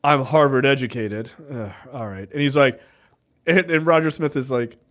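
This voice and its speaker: Casual podcast man, animated retelling. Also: mid-range voice, moderate pace. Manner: animated retelling, acting out scenes with many "like"s. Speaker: podcast co-host, film reviewer. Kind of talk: casual chat.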